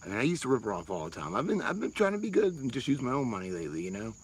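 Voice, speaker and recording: A man's voice: mid-range voice, huge pitch swings, very fast, breathy edge, low-quality recording. A man, rambling casually and swearing freely on a livestream while answering chat. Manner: rambling, profane, laid-back.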